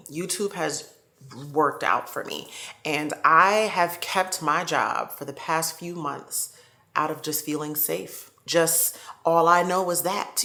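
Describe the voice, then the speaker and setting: A woman's voice: low-pitched, fairly bright tone. A woman talking casually and heartfelt to her viewers in a vlog, often repeating herself for emphasis. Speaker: YouTuber.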